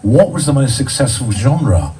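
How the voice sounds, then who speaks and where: A man with a smooth presenter's patter reads out audience questions at a live show. He sounds set back from the mic, and his pitch is ordinary for a man. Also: very animated, normal speed, mellow, distant mic. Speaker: compere reading audience questions.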